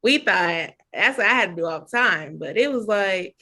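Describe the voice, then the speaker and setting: A woman's voice: medium pitch, lively intonation, moderate pace, sharp tone. A young adult woman talking casually and easily in a group conversation. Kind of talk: casual chat.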